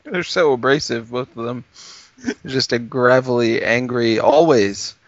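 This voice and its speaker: A man's voice: mid-range voice, unhurried. A man reacting in casual comedic banter with dry asides, on a muffled recording.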